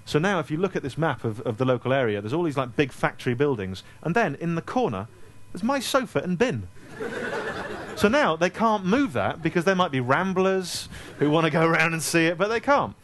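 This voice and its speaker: A man, telling comic anecdotes to a live audience at a store event in a self-deprecating, animated way. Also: on the high side, brisk. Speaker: author speaking at a store event.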